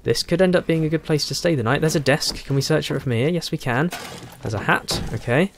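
A man giving casual let's play commentary, thinking aloud and chuckling, with a hoarse voice and a frog in his throat. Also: a little high, fairly quick, a little hiss or hum. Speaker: game streamer.

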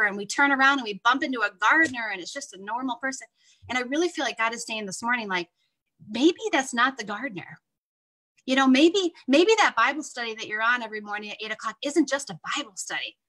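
A woman's voice: fairly high pitch, sharp tone, low-quality recording. A woman leading a morning Bible study, teaching in an earnest, heartfelt and conversational way. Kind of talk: devotional teaching.

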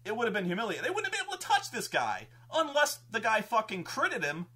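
A man tells a story about his tabletop campaign in casual, profane speech. His bright, fairly high voice jumps around a lot in pitch. He talks with loose, lively energy. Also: fast talker, husky. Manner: animated, profane, acts out characters. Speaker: game master telling a campaign story.

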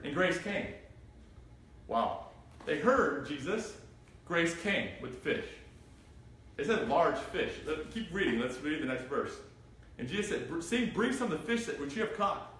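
Animated preacher in an echoey room. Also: male voice, high voice, normal speed. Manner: animated, asks the group questions, reads scripture aloud. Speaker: pastor. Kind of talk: interactive Bible study sermon. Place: church room. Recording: echoey room from far off, faint noise.

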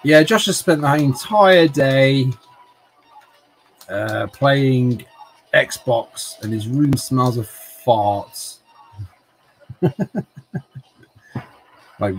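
A middle-aged man streams retro games and chats casually, his mid-range voice caught on a low-quality recording. He rambles, stumbles into restarts, and cracks jokes throughout the livestream.

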